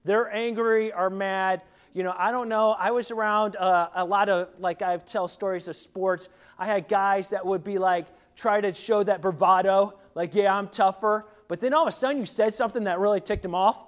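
A man's voice: sits high, fairly even intonation, normal speed, few pauses. A middle-aged man, a pastor, preaching a sermon in a conversational way, with many fillers and restarts.

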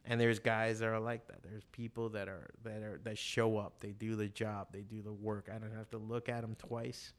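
A man's voice: fairly low pitch, normal speed, hardly any pauses. A middle-aged man who runs an art shop, talking casually and profanely about passion and drawing. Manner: profane, animated storyteller. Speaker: comic artist and shop owner. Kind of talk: casual podcast chat.

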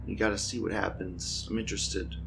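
A man's voice: low voice, fairly even intonation, fairly quick, gravelly, music in the background. A young man hosting a casual commentary show, rambling and crude, laughing often. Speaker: show host.

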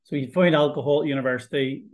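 Man gently recapping his questions. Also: mid-range voice, fast talker. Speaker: interviewer. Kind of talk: podcast interview.

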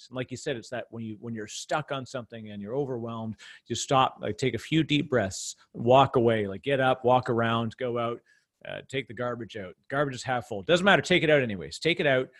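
A man's voice: mid-range voice, fairly quick, a bit bright. A man hosting a casual interview, talking in long rambling stretches with frequent restarts and laughs. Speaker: podcast host.

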